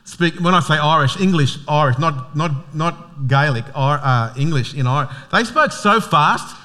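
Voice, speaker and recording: Aussie pastor guy chatting from the pulpit, a bit higher voice, lots of ums and jokes. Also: expressive, a little slow, pushed and bright. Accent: Australian. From Australia. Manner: chatty, joking, many fillers and restarts. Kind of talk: casual sermon.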